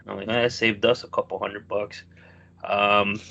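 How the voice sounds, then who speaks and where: A man's voice: on the low side, little pitch movement, a little slow, creaky, sharp tone, dull audio. A man co-hosting a podcast, telling a long rambling story in casual chat and swearing freely. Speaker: podcast co-host.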